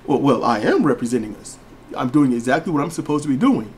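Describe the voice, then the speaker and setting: A man voicing a sheepish, proper-talking son who speaks in a hushed, stammering, formal way. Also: mid-range voice, big pitch swings, fast talker, noisy background, voice pushed down, lightly acted.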